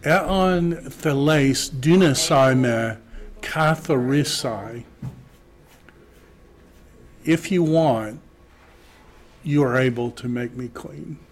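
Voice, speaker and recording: A man teaching a Greek class, slowly reading Greek aloud and then translating it. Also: medium pitch. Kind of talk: classroom lecture.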